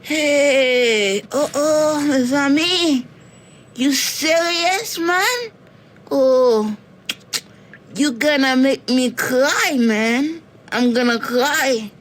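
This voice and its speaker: Cartoon role: a woman playing a hot-headed young male convict, blunt and plodding, slightly high voice. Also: expressive, a little hiss or hum, exaggerated voice. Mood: moved. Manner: slow, broken creole English, blunt. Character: hot-tempered young male prison inmate. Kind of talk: cartoon voice acting.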